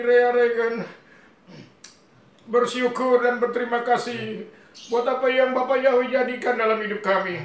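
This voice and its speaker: A man's voice: very high voice, a bit bright. A man leading his family in an earnest spoken prayer at home. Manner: earnest, devotional. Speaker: father leading family worship. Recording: roomy sound from a distant mic.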